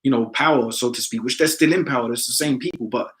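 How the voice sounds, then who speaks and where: Man, London accent, emphatic, casual religious discussion, mid-pitched voice. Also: fast talker, low-quality recording. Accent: London English. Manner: emphatic, repeats "man" often. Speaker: discussion participant.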